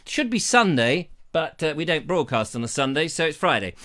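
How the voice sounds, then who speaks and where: Male host, bright high voice, jokey rambling chat on a lapel mic. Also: big pitch swings, moderate pace. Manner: playful, jokey, puts on silly voices. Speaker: live show host. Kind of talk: rambling live-stream chat. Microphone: lavalier.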